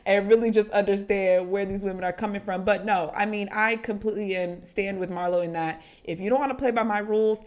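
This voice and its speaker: A woman co-hosting a podcast, recapping reality TV in casual, animated chat and calling the listener honey. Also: medium pitch. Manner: chatty, animated, says honey a lot. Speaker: podcast co-host.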